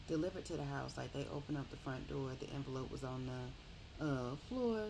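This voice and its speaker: Woman book reviewer, low gravelly voice, dark tone, rambling animated retelling with self-corrections. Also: moderate pace, a little hiss or hum, low-quality recording.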